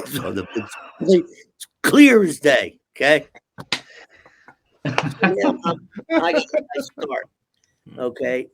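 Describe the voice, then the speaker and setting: A man's voice: a little high, wildly swooping pitch, very slow, creaky, long pauses, a little hiss or hum. An older man, a guest, telling rambling, profane stories in casual talk and punctuating them with "okay?". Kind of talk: casual storytelling.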